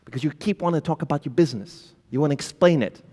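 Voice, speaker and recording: Animated man speaking on a conference stage. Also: a little high, fast talker. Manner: animated, addresses the audience directly; acts out flustered founders with filler words. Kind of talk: conference talk. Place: conference hall. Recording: long hall reverb.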